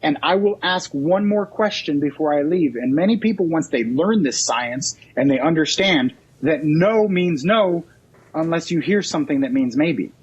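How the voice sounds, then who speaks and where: A man's voice: on the high side, animated, normal speed, slightly rough, muffled recording. A man, a real estate agent, telling stories and acting out both sides of a doorstep conversation as a podcast guest. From California. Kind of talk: animated storytelling with acted-out dialogue. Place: mobile office.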